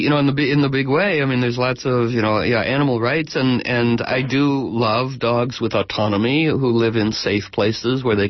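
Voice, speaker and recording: A man chats casually as host, spinning rambling, animated stories. His voice sounds close and dry, with dull, muffled audio. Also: mid-range voice, no echo. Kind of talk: casual chat.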